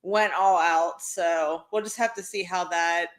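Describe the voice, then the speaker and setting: A woman's voice: fairly low pitch, steady tone, a little slow. A young woman co-hosting a podcast, chatting casually and rambling with lots of filler words. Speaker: podcast co-host. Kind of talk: casual chat.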